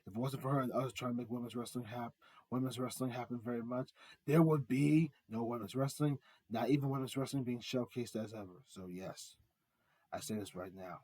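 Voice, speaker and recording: A man's voice: medium pitch, a little fast, darkish tone, husky, no room sound. A man giving a rambling, earnest fan monologue, repeating himself and building up announcer-style reveals. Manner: earnest, heartfelt tribute. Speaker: art vlogger.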